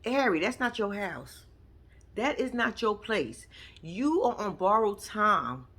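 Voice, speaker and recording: A woman's voice: medium pitch, big pitch swings, slow, fairly bright tone, breathy edge. A woman giving a casual commentary recap of a reality TV episode, blunt and profane, acting out the people she quotes.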